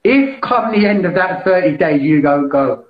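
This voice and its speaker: A British man hosting a live meditation session, talking casually and enthusiastically as he pitches a membership, with frequent restarts. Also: animated, moderate pace. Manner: enthusiastic, salesy, restarts often. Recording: echoey, dull lo-fi sound.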